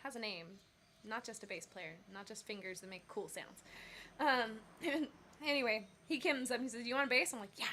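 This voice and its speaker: Woman, livestream host, casual rambling storytelling, bright clear tone, slightly high voice, faint background hiss. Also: moderate pace. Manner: chatty, rambling, many fillers and self-corrections. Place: Bali.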